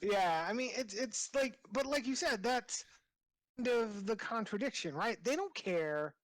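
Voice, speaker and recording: A podcast co-host chatting casually about the news with a sarcastic, animated delivery. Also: mid-range voice, measured pace, dry recording, low-quality recording. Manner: sarcastic, animated storytelling with mocking put-on quotes. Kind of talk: casual opinion chat.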